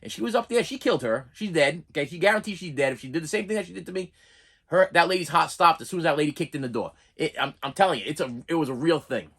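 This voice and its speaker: Husky, animated young man telling a story. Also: fairly high pitch, fast talker. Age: young adult. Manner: animated, exasperated, repeats and restarts words. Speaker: channel host telling a personal story. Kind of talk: casual storytelling vlog.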